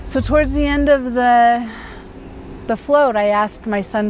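A woman's voice: a little high, measured pace, a little mellow, a little hiss or hum, poor audio. Heartfelt woman telling a personal story. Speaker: festival attendee sharing an experience.

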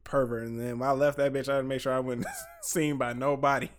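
A man's voice: medium pitch, little pitch movement, fast. A young man co-hosting a casual chat, crude and joking, laughing often and acting out quotes.

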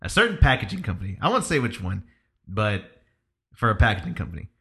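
A man's voice: lowish voice, very animated, creaky, sharp tone. A man casually telling a work story in a loose, profane way. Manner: loose and profane, quick reactions.

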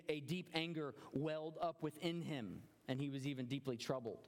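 A man's voice: fairly high pitch, big-room sound. A man preaching a sermon as a pastor, earnest and often repeating words as he searches for them.

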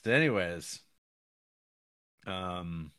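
Profane, rambling podcast guy, bright voice. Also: low voice, expressive, extremely slow, clean tone, no room sound. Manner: rambling, profane, laughing, breaks into mock Italian voice. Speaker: podcast co-host. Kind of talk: casual film-review chat.

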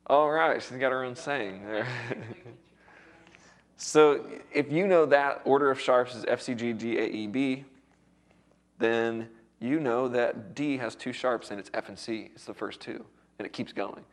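A man's voice: medium pitch, unhurried. A man teaching music theory to a worship class in a casual, encouraging way, often checking in with his students, his voice a little worn. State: recovering voice.

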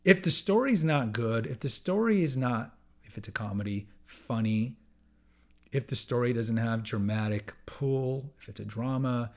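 Male podcast host, solo monologue, mid-pitched voice, emphatic and repetitive, casual with frequent restarts. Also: expressive, a little slow, vocal fry. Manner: emphatic, repeats key phrases for effect.

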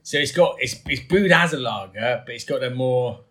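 A man's voice: mid-range voice, expressive, normal speed, a bit bright. A man co-hosting a beer review, joking, laughing often and swearing in casual chat.

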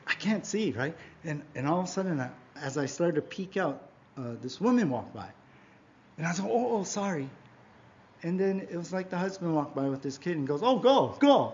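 A man preaching a sermon in church, emphatic, often asking his congregation "right?", swinging between loud exhortation and quiet asides. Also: a little high, husky. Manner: emphatic preaching, frequent rhetorical "right?" and "yeah?". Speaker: pastor. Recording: dull lo-fi recording.

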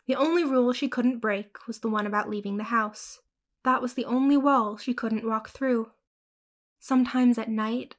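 A woman narrating a horror short story in a measured, grim, unhurried way. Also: fairly high pitch.

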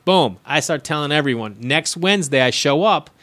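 A man's voice: fairly high pitch, normal speed, dry recording. A man, a comedian telling stories from his early years in a casual chat, acting out the people he quotes and swearing freely. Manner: animated storyteller, acts out quoted voices, swears freely. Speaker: comedian guest.

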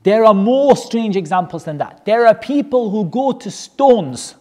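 Animated storytelling religious teacher. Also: medium pitch, a little slow. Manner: animated, joking, rhetorical questions. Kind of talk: storytelling lesson to a class.

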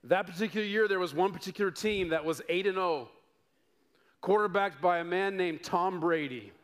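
Animated high-voiced pastor preaching. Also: male voice, moderate pace. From Denver, United States. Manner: animated storytelling with rising excitement and playful asides. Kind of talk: sermon.

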